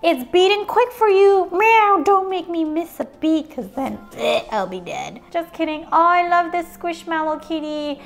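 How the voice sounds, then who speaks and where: High, bouncy woman unboxing toys. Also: lively intonation, a little slow, few pauses. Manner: playful, punning, makes sound effects and animal noises. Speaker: toy unboxing host. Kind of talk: playful toy unboxing narration.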